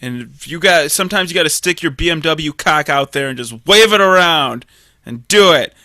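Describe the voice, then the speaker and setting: A man's voice: high-pitched, animated, fairly quick, pushed and bright, no room sound. A man co-hosting a podcast in casual chat, joking and swearing freely. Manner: joking, profane, acts out angry voices. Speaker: podcast co-host.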